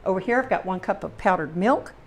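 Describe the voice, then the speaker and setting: Animated and quick-paced, a home cooking channel host from the Southern United States talks through a casual demonstration in her kitchen with a Southern American accent. Her voice is mid-range, and a little hiss or hum sits under the recording. She chats freely with folksy, rambling asides.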